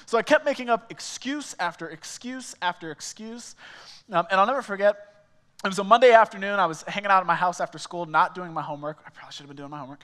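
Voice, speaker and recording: A male small groups pastor telling a personal story in a sermon, animated and casual, acting out the dialogue. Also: high-pitched, fast talker, long reverb tail. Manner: animated, acts out quoted dialogue, frequent "like" fillers. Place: church auditorium.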